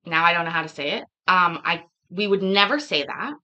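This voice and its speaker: A woman's voice: on the low side, fairly quick, sharp tone. A woman with a Canadian accent hosting a casual livestream chat, laughing and playfully arguing with viewers about how words are said. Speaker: livestream host.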